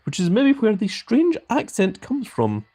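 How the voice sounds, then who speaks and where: A Scottish man hosting a live stream, his pitch swinging up and down as he talks. He speaks with a grand manner and sounds out every word with care. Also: wildly swooping pitch, a little slow, warm tone, husky, soft background music. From Scotland. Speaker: mobile game live streamer. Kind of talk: live stream chat reading.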